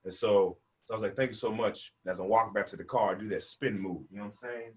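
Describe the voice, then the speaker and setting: A man in his twenties doing animated stand-up storytelling for a virtual event, laughing between lines and acting out the people in his story. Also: on the low side, rapid-fire. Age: 20s. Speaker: stand-up comedian. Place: a room, performing for a virtual event. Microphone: video call microphone.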